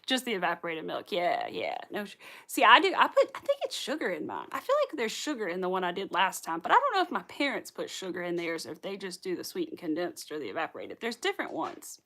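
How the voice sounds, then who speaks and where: A woman's voice: lowish voice, huge pitch swings, quick pace, fairly bright tone. A young woman from the Southern US with a light Southern accent, hosting a crochet livestream and chatting casually with viewers, rambling and laughing often. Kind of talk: casual chat with live viewers.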